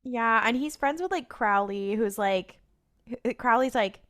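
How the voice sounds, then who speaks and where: Woman co-host with a fairly high voice, playful and irreverent, casual banter. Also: measured pace, a bit bright. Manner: laughing, jokey and irreverent asides. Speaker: podcast co-host. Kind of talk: casual chat.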